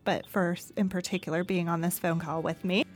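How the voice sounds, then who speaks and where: Podcast host, woman, lowish voice, affectionate teasing chat, soft music under her. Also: steady tone, fairly quick. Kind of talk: casual group chat on a call.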